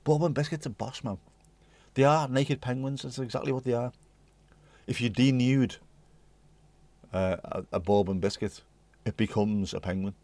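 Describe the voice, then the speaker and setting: A man's voice: mid-range voice, normal speed, long pauses, darkish tone, no echo. A man hosting a livestream, chatting to viewers in a rambling, jokey way and swearing casually. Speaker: livestream host.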